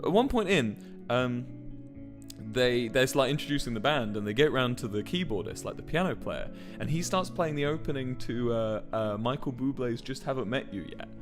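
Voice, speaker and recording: A man's voice: medium pitch, expressive, moderate pace, music in the background. A man in his twenties tells a rambling story casually on a livestream and swears often. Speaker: musician and streamer.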